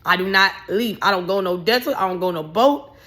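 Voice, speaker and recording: A woman giving casual, ranting commentary, blunt and animated, swearing freely and raising her voice in bursts. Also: mid-range voice, a little fast. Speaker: vlogger.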